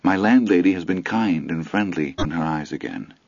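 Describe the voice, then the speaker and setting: A man's voice: deep voice, normal speed, a little mellow, no room sound, muffled recording. A man voicing a proud young woman, recently fired, who speaks in a precise and dignified way. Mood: rueful.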